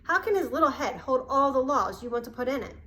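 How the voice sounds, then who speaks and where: A woman's voice: sits high, animated, fast, pushed and bright. A woman voicing a smug, protective male panther in a storybook read-aloud. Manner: smug, dry.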